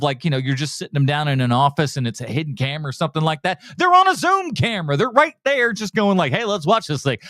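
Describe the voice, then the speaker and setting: A man's voice: high voice, fairly bright tone, no echo, studio quality. A man hosting a movie podcast, ranting sarcastically and with exasperation about a trailer ad. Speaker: podcast host. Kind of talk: casual ranting commentary.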